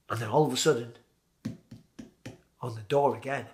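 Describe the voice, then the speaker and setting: A British man in his forties tells a vivid story about himself in a relaxed, conversational manner, acting out things he said back then. His mid-range voice is steady and moderately paced, with frequent pauses.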